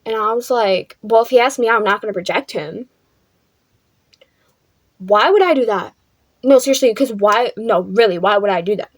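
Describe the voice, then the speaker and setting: A woman's voice: mid-range voice, moderate pace, pauses often, dry recording. A young woman vlogger telling a casual storytime, chatty, filling her talk with "like" and swearing freely.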